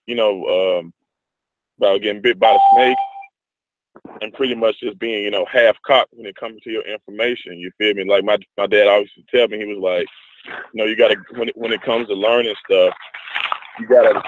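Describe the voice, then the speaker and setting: Halting low-voiced man on a phone-like line. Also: fairly even intonation. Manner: halting, repeats words, many fillers. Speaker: discussion participant. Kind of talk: casual group discussion. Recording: dry, phone-like audio.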